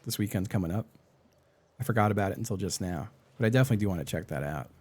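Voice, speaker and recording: A man's voice: sits low, lively intonation, rapid-fire, a little mellow, slightly rough. A man live-streaming a game, chatting casually, narrating his own moves and greeting his viewers. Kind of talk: casual gameplay chat.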